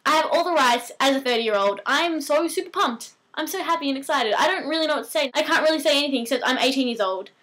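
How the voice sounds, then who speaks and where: Bubbly high-voiced Australian teen girl. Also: fast, hardly any pauses. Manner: bubbly, giggly and excitable. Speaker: vlogger. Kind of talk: casual chat to camera.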